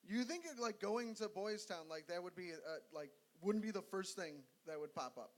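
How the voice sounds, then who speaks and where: A man's voice: high-pitched, moderate pace. A man improvising stand-up, rambling and hesitant with many fillers. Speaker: comedy contestant.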